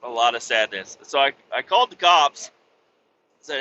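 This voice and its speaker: A man's voice: mid-range voice, expressive, moderate pace, pushed and bright, dull audio, slight background noise. A man hosting a podcast, telling a rambling, profane anecdote with casual restarts. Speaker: podcast host. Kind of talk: casual storytelling.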